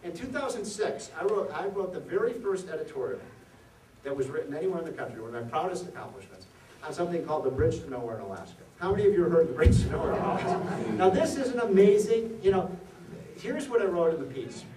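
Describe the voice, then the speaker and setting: Male keynote speaker, slightly high voice, lively anecdotes, recorded from afar in a roomy hall. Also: fast, slight background noise. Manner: animated storyteller, rhetorical questions to the audience. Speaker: economist giving a dinner speech. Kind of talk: after-dinner policy speech with jokes. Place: event hall at a reception. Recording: echoey hall from far off.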